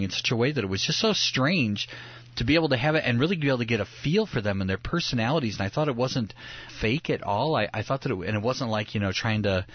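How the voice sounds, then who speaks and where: A man's voice: on the low side, no room sound. A young man co-hosting a studio talk show, a pastor who rambles through his story with restarts and chuckles. The sound is dull and slightly muffled, recorded dry with no room around it. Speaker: co-host, pastor. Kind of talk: casual studio chat. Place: radio studio.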